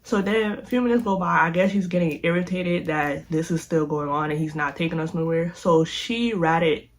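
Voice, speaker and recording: A young woman vlogger telling a storytime in a chatty, animated way, speaking straight to her viewers. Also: lowish voice, moderate pace. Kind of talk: casual storytime.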